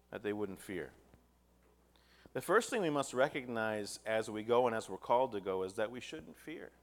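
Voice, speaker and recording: A man's voice: medium pitch, creaky. A man preaching a sermon, reading scripture aloud with rising emphasis and putting rhetorical questions to his listeners.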